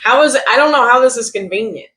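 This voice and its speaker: A young woman vlogging comedic product reviews, sarcastic and animated, jumping from loud outbursts to muttered asides. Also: on the high side, fast, very noisy. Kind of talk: casual comedic commentary.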